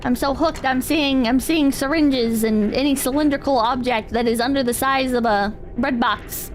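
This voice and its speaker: A woman's voice: sits high, normal speed. A young woman streaming a video game, chatting casually with sarcastic, rambling asides and mock insults. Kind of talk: casual gameplay commentary. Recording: clear background noise.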